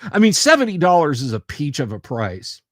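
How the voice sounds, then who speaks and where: A man chatting on his livestream, rambling and often cutting himself off mid-sentence as he answers viewer comments. His voice sits a little higher than most men's. The sound is close and dry, with no room around it. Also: huge pitch swings, normal speed, a bit bright, dry recording. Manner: rambling, self-interrupting, chatty. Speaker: livestream host. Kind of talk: casual livestream chat.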